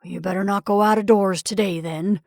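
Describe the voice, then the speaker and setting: A woman voicing an indignant, selfish middle-aged husband who talks loudly and blusters. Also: medium pitch, fairly even intonation, moderate pace, no echo, clean studio sound, close to an everyday voice. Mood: gruff. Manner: loud, blustering, complaining.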